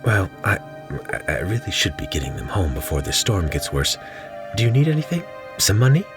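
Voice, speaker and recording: A man voicing a flustered, protective young mother in a storybook reading, pushing his voice up high and stammering nervously. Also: big pitch swings, fairly quick, over music, natural voice.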